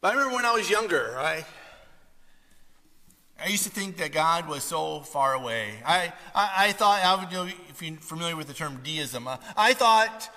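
A male pastor delivers an impassioned sermon in a high, piercingly bright voice. He swings from loud, lifted passages down to hushed near-whispers. His voice rings out with a long reverb, as in a church sanctuary. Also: animated, moderate pace.

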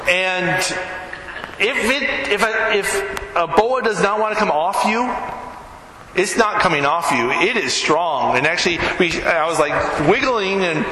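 A man preaching in a church, his voice a little high and bouncing off the walls of a big echoey hall. He tells stories with plenty of energy, acts out the lines of the people in them, and turns to the audience with questions. Room noise hums behind him. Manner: animated, talks with the audience, acts out quotes. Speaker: pastor. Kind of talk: sermon with storytelling.

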